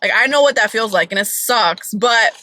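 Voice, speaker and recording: A woman's voice: a little high, moderate pace, pushed and bright, slight background noise, poor audio. A woman vlogging from her car, chatting casually and opinionatedly about celebrity gossip with lots of "like".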